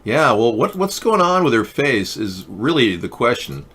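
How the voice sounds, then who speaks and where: A middle-aged man hosting a talk show, delivering a rambling, mock-earnest monologue with a deadpan touch. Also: mid-range voice, normal speed, slightly rough.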